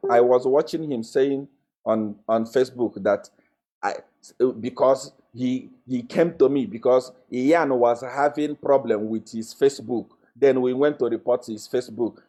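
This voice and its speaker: A young man speaks in a slightly high voice in a confrontational live-stream monologue. He keeps repeating his phrases as he accuses and mocks. His scornful laugh breaks in often. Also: darkish tone. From Zambia. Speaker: self-styled prophet.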